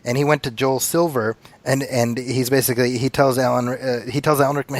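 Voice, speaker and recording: A man hosting a film podcast, telling behind-the-scenes stories in a chatty way with quick asides. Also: medium pitch, steady tone, no echo. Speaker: podcast host. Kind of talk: casual podcast commentary.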